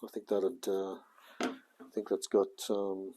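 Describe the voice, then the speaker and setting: An Australian man in his forties talks to himself in a slow, unhurried drawl while tinkering in his garage. His voice sits low and mellow, with a husky grain to it, and he keeps up a running mutter of easygoing self-talk. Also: little pitch movement. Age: 40s. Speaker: home mechanic vlogger.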